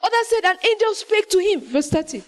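A woman preaching a sermon, with an animated delivery that swings between loud exclamations and soft, prayerful lines. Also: very high voice, a little fast, low-quality recording.

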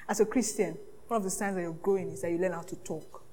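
A woman pastor preaching a sermon, lively and often laughing, acting out the voices she quotes. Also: mid-range voice, fairly quick, hardly any pauses.

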